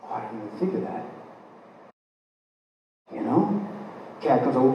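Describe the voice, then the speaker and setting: A man giving a live spiritual lecture, telling a personal story in an animated way and acting out the dialogue. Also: mid-range voice, moderate pace, long pauses. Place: event hall, recorded from the audience. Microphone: distant camera mic. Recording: echoey hall, distant mic, faint hiss.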